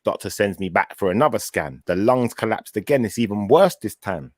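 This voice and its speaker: A man with a deep, low voice tells a story in relaxed, casual conversation. He gets animated and acts out what he and others said. The sound is dry and close, with no room echo. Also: brisk. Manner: animated storyteller, acts out his own quoted words. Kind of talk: casual chat.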